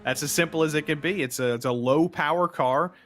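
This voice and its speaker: A man with a slightly high voice adds easygoing color commentary to a sim race, explaining the racing and throwing in jokes. Faint background hiss runs under his voice. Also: brisk. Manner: relaxed, chatty analysis with jokes.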